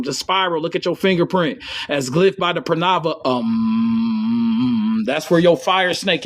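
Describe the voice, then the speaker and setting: A man giving rambling, profane esoteric commentary, reading passages aloud between joking outbursts and mutters. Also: a little high. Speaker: channel host.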